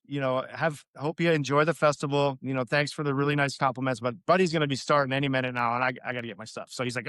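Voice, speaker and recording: A man's voice: medium pitch, steady tone, quick pace, few pauses, a bit bright, smooth, dry recording, studio quality. A man, a guest musician, telling a story casually with lots of fillers, laughing as he goes.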